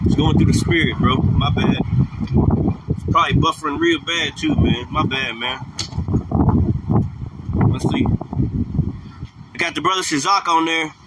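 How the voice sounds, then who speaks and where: A man's voice: fairly high pitch, measured pace, long pauses. A man preaching outdoors on a livestream, emphatic and repetitive, in slangy casual talk that keeps ending with "man". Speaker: street preacher. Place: outdoors on a street with passing traffic. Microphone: phone or camera livestream mic. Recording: street traffic noise behind the voice.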